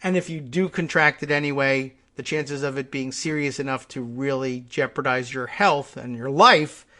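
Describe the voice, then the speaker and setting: A man's voice: medium pitch, moderate pace, sharp tone. A man hosting a political talk show, talking through the news in an exasperated, thinking-aloud way. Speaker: host. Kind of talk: political commentary monologue.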